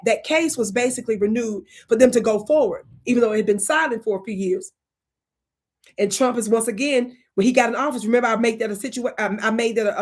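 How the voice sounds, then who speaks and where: Husky-voiced woman hosting a livestream. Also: on the high side. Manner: animated, talks to live chat, drops into whispers. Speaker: livestream host. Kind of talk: casual livestream commentary.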